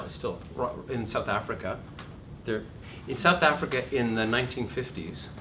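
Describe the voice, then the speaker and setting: Middle-aged guy teaching acting, swears a lot, acts stuff out loud, picked up from across the room with a low rumble behind. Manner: animated, profane, acts out shouted examples. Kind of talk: lively lecture to a class. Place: classroom or studio. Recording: distant room recording with background rumble.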